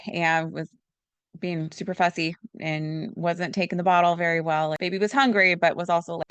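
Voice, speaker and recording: A middle-aged woman talks through wellness advice in an earnest, encouraging way, drawing on her own days. Her voice sits a little low for a woman. The recording is dry and close. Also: fairly bright tone, dry recording. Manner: earnest, encouraging, tells personal stories. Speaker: nurse practitioner and wellness host. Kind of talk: casual advice talk.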